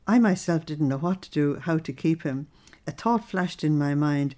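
A woman with a fairly low voice reads a devotional diary aloud and stops now and then to explain it. Her manner is earnest and reflective. She gives the quoted prayers real feeling. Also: animated, moderate pace, dark tone. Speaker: religious teacher.

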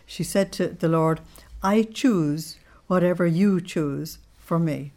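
A woman with a somewhat low voice leads a devotional study group. She reads spiritual passages aloud with emphasis, slowing down on key words. She keeps asking her listeners whether they follow. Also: dark tone. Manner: asks listeners to check their understanding. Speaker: religious study group leader. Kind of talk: devotional teaching with readings aloud.

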